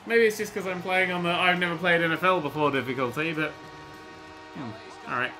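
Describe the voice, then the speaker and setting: A man commentating on a video game he is playing, excitable and sweary with jokey exclamations. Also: fairly high pitch, fairly quick. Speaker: gaming YouTuber. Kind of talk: let's-play commentary. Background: faint game music.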